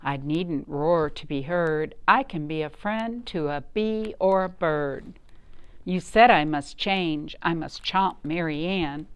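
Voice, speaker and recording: A woman reading aloud and voicing a gentle male lion in a picture book, speaking earnestly and firmly. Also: deep voice, takes it slowly, clear, resonant tone.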